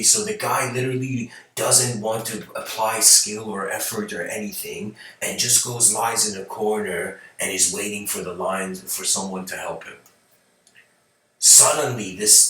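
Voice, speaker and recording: A man's voice: fairly low pitch, sharp tone. A man telling a story as a rambling talk, hesitant and full of restarts. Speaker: channel host giving a talk. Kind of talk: rambling spoken storytelling lecture. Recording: very echoey room, far from mic.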